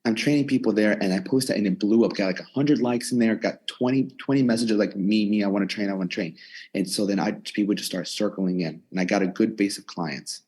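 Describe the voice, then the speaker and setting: A man's voice: on the low side, brisk, hardly any pauses, breathy edge. A man in his twenties, a gym owner and personal trainer, telling his story in a casual interview and acting out what he and others said. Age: 20s. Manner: animated storyteller, quotes himself and others. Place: his gym in a converted storage unit.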